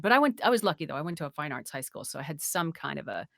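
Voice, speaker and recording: A woman guesting as a voice actor in a casual interview, talking in an expressive, playful way. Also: deep voice, very fast, vocal fry, no echo, clean studio sound.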